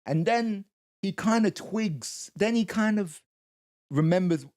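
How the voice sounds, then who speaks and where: A man's voice: high voice, expressive, slow, a little mellow. A man co-hosting a podcast, telling a long story with lots of restarts, quoted voices and swearing. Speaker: co-host. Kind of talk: casual storytelling chat.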